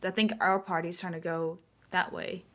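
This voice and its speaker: A woman's voice: lowish voice, little pitch movement, normal speed, fairly bright tone. Hesitant woman role-playing casually. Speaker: player. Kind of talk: casual role-play chat.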